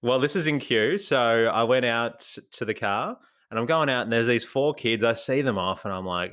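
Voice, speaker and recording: A man with an Australian accent telling stories in casual podcast talk, his pitch bouncing up and down. He laughs often and acts out the voices of people he met. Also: expressive, moderate pace, a bit bright. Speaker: podcast co-host. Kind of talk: casual chat.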